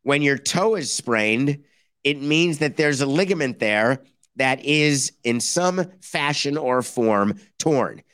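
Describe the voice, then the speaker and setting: Male podcast host, sarcastic and animated, dry close-mic sound. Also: medium pitch, slow, dry recording. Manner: sarcastic, animated, mock-quoting others. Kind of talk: opinionated sports talk monologue.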